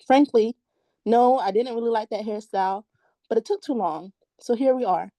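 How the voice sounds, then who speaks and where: A woman performing spoken word poetry at an open mic over a video call, giggly when chatting and measured when reciting. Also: on the high side, warm tone, no echo.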